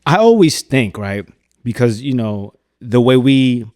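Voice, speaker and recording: A man's voice: medium pitch, animated, unhurried, darkish tone, no room sound, studio quality. A man hosting a podcast interview, reflective and conversational, often restarting and repeating words. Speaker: podcast host.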